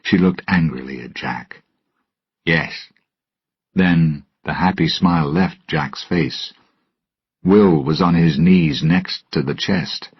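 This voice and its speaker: A man narrating a storybook with a slow, careful reading manner, recorded dull and lo-fi. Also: extremely low pitch, husky, no room sound. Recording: dull lo-fi, dry.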